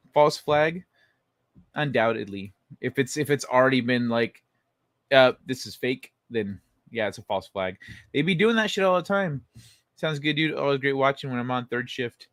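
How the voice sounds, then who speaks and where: A man's voice: mid-range voice, expressive, a little slow, long pauses, fairly bright tone, no room sound, clean studio sound. A man hosting a casual late-night livestream, reading and answering chat in a laid-back way, swearing freely and chuckling. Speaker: livestream host.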